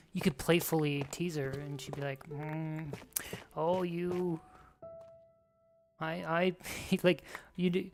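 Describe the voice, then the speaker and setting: A streamer chatting casually while playing a game, telling rambling, joking stories. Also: mid-range voice. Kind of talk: casual chat while gaming. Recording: steady background noise.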